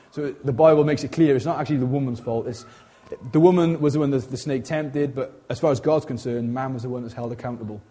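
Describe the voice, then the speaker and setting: A man preaching an informal sermon, animated and chatty, often breaking off into asides and restarting his sentences. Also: mid-range voice. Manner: animated, chatty, frequent self-interruptions and asides.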